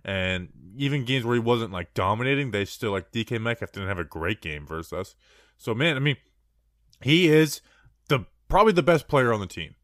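A man's voice: medium pitch, lively intonation, normal speed, fairly bright tone, no echo, clean studio sound. A man co-hosting a sports podcast, chatting casually and rambling through stats with plenty of restarts.

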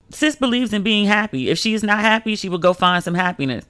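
Woman podcaster just chatting, mid pitch, lots of "like", dry close mic. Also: lively intonation, fast, hardly any pauses, a bit bright, dry recording. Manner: chatty storytelling, heavy use of "like", swings pitch when quoting people. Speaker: podcast host. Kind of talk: casual solo chat.

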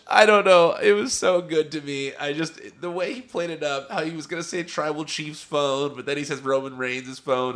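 A man's voice: mid-range voice, fairly bright tone. A young adult man hosting a podcast, giving a chatty, casual recap of a wrestling show and laughing often as he tells it. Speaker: podcast host.

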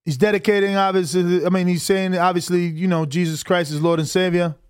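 A man hosting a livestream, reacting to a fight with slangy, excitable commentary. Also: sits high, fairly quick, clear, resonant tone. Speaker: livestream host. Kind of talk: casual live watch-along commentary.

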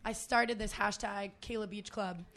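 A woman's voice: mid-range voice, fairly even intonation, moderate pace, a bit bright. A young woman telling a story as a podcast guest, laughing often, swearing and filling with "like". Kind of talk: casual chat.

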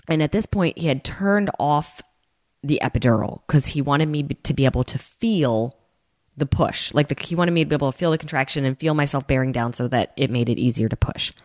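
A woman telling her own story in a casual, animated way, acting out the people she quotes and speaking straight to her listeners. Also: deep voice, fairly quick, no room sound, clean studio sound. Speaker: host telling a personal story.

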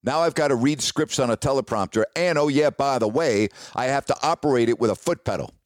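A sportscaster telling a personal career story in a casual, animated, ad-libbed way. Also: male voice, medium pitch, a little fast, no room sound, studio quality. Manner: casual, animated retelling with ad-lib restarts.

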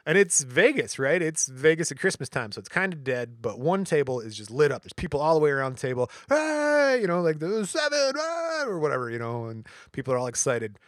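Animated male storyteller, dry close mic. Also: medium pitch, quick pace, few pauses, no room sound. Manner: animated anecdote teller, acts out quotes. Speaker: podcast co-host. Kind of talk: casual storytelling chat.

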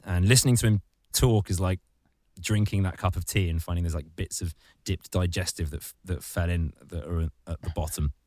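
A man hosting a podcast, ranting comedically in casual chat and jumping into mocking high squeaky voices. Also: fairly even intonation, brisk, a little mellow, dry recording, studio quality. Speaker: podcast host.

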